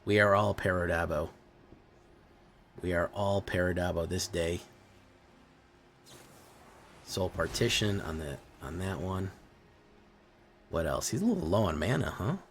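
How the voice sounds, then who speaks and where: A man's voice: deep voice, lively intonation, measured pace, long pauses, slight background noise. A man streaming a card game, casually commenting on plays and teasing his chat in a playful way. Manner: playful, teasing, talks to viewers.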